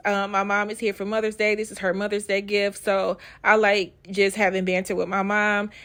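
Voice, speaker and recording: A travel vlogger with a mid-range, fairly bright voice films a casual vlog outdoors at a wildlife park on a handheld camera. She's chatty and joking, full of teasing banter.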